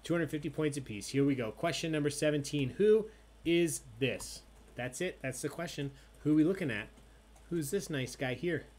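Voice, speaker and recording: A man with a voice on the high side hosts an online trivia night, reading questions fairly quickly and joking casually with players. He chats freely and drinks as he hosts.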